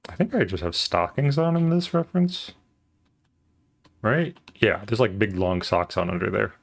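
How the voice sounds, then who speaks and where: A man's voice: on the low side, animated, normal speed, creaky. A man streaming while he draws, chatting casually in a rambling, playful way with lots of fillers.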